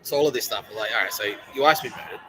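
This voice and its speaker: A man's voice: medium pitch, very fast, music in the background, poor audio. A man with an Australian accent hosting a podcast in a rambling, profane, heated monologue. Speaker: podcast host. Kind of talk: casual monologue.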